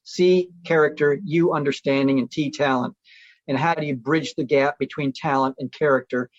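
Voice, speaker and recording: Guest speaker: earnest middle-aged man, slightly high voice, on a dull, dry-sounding line. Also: steady tone, normal speed, dry recording. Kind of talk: relaxed storytelling conversation.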